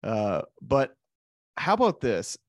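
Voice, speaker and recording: A man hosts a podcast in a relaxed, teasing way and keeps his guest talking. His mid-range voice is recorded dry and close, with no room sound. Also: medium pitch, slow pace, no room sound. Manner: playful, teasing, sets up questions. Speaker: podcast host, pro golfer. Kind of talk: casual interview chat.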